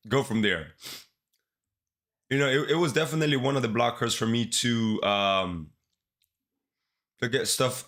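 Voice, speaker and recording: A man's voice: on the low side, bright, forceful tone. A man with a congested, sick-sounding voice chatting casually to his livestream viewers in laid-back slang. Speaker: live-streaming developer.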